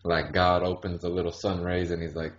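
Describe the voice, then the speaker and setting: A man with a very low voice spins a crude, profanity-laden story, laughing along as he goes. The recording is dull and lo-fi. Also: level tone, brisk, reverberant. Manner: crude, swears constantly, laughs while telling stories. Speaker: podcast co-host. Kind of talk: casual storytelling chat. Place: hot-climate country, not the US. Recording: dull lo-fi audio.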